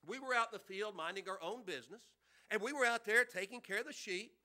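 A man's voice: high voice, fast, bright, forceful tone. A man voicing a humble shepherd in a sermon, speaking plainly and earnestly with a touch of stammering wonder. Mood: matter-of-fact. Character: humble, awestruck male shepherd being interviewed.

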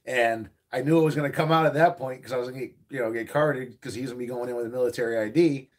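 A man chats beside his wife on a live stream, talking fast in a mid-pitched voice. His voice is husky, and he keeps up a steady run of teasing jokes. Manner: teasing, jokey banter. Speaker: co-host, host's husband. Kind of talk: casual live-stream chat.

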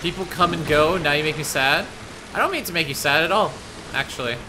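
A young man chatting to his viewers and reacting loudly while he streams a game, with frequent panicky outbursts. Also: a little high, fairly quick, noisy background. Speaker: gaming streamer. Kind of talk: live gameplay commentary. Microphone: desk microphone.

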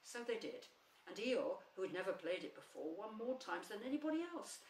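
Woman reader, expressive storytelling, roomy and slightly distant sound. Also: medium pitch, brisk, a little hiss or hum. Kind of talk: reading a children's book aloud.

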